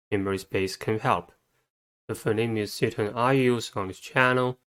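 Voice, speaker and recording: A man teaching English vocabulary, spelling out words letter by letter and sound by sound in a slow, methodical way. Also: lowish voice, clean tone. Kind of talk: scripted instructional narration.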